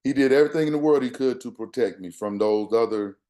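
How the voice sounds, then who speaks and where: Older man, mellow tone, earnest personal storyteller, quotes others as he goes. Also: mid-range voice, fast talker. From Texas. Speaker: guest speaker. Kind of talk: storytelling talk.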